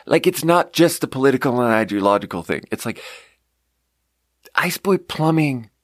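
A man's voice: mid-range voice, lively intonation, normal speed, dry recording, clean studio sound. A man hosting a podcast, rambling in casual chat with frequent laughs and casual swearing. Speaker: podcast host.

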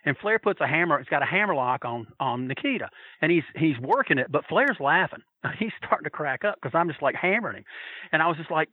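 Animated, profane storytelling man. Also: fairly high pitch, fast talker, breathy edge, no room sound, narrow, tinny audio. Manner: animated, profane, acts out voices with laughter. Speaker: storyteller guest. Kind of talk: casual anecdote telling.

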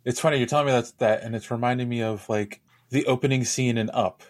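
A man's voice: mid-range voice, steady tone, quick pace, no echo. A man co-hosting a podcast, chatting casually and mostly giving short agreeing replies. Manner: laid-back listener, short agreeing replies. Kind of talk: casual chat.

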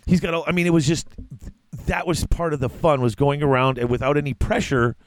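A man co-hosting a casual hobby podcast, talking in a rambling, animated way with many restarts. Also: a little high, a little fast, no room sound. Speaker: podcast co-host. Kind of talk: casual chat.

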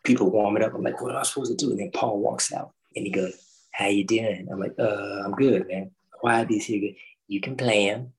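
A middle-aged man, a former orchestral timpanist, telling an animated story in a roundtable talk, acting out quotes and singing drum parts. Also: on the low side, moderate pace, rough recording. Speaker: orchestral timpanist recalling his start.

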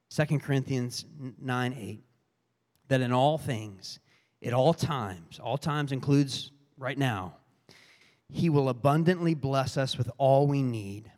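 A man's voice: mid-range voice, darkish tone, long reverb tail. A man preaching a sermon as a pastor, earnest, speaking in short repeated phrases.

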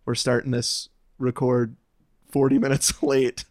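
A man's voice: mid-range voice, level tone, a little slow, a little mellow, no room sound, clean studio sound. A man co-hosting a podcast who tells a rambling story full of laughs and restarts in casual chat. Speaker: podcast co-host. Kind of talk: scripted intro narration, then casual chat.

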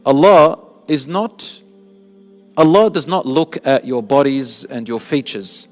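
A man's voice: medium pitch, expressive, slow pace, big-room sound, faint music behind. A man giving a religious talk, explaining step by step with rhetorical questions he answers himself. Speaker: Islamic preacher. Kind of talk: sermon.

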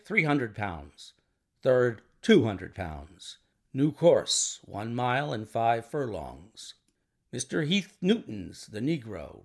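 A man narrating a classic detective story aloud in an expressive, dramatic reading. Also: mid-range voice.

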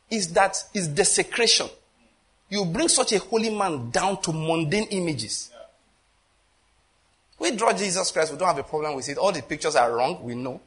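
With a voice on the high side, a man preaches a passionate sermon, swinging from loud emphasis to quiet asides. He frequently poses rhetorical questions to the congregation.

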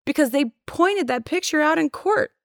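A woman's voice: high-pitched, lively intonation, normal speed, no room sound. Woman in her thirties, podcast guest, blunt and profane storyteller, dry close sound. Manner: candid, profane, acts out quoted dialogue. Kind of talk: casual storytelling.

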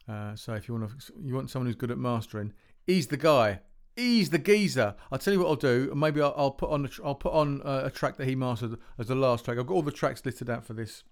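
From a home recording room, a podcast host plays music tracks and chats casually between them, rambling, making self-deprecating asides and restarting often. His medium-pitched voice moves a little fast with few pauses.

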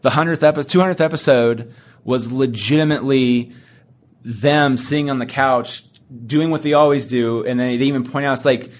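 A male podcast host talking at an everyday middle pitch. He retells cartoon plots eagerly and slips into little voices for the characters he quotes, keeping the chat loose and casual. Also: normal speed. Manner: animated retelling, acting out quoted lines.

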